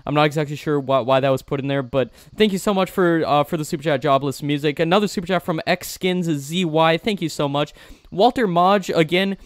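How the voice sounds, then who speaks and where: An upbeat young man hosts a live stream, reading viewer questions and thanking donors again and again. His voice is slightly high, smooth and clear. The sound is dry and close. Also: fairly quick, dry recording. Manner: upbeat, effusive thanks, repeats himself.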